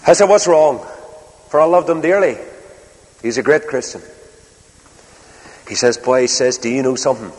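A man with a Northern Irish accent preaching a sermon, telling a story with slow, stressed phrases and dramatic pauses. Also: mid-range voice, a little mellow. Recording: reverberant hall.

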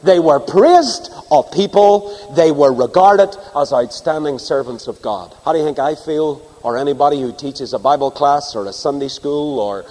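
A man preaching a sermon to a congregation, swinging from loud emphasis to hushed asides. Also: a little high, big-room sound, rough recording. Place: church before a live congregation.

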